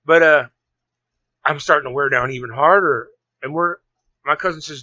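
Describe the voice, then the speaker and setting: A man telling a long story in casual conversation, rambling and animated, with many restarts. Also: fairly high pitch, normal speed, long pauses, no echo. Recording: dull lo-fi sound.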